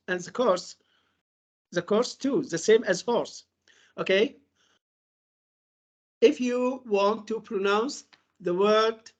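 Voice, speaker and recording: A woman's voice: mid-range voice, slow, long pauses, dull audio. A woman teaching English pronunciation in a webinar lecture, repeating example words over and over like a drill.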